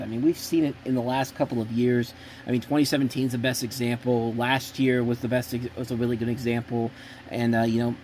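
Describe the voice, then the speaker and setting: A man's voice: mid-range voice, darkish tone, slight background noise. A man hosting a show, giving casual sports predictions in a blunt, opinionated and rambling way with frequent restarts. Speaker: host.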